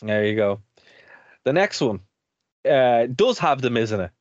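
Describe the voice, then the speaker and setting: A man's voice: mid-range voice, sing-song, measured pace, no room sound. A man co-hosting a chatty radio show, rambling through his points and laughing easily. His voice comes across slightly dull and lo-fi, recorded close and dry. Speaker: podcast and radio co-host. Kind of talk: casual chat.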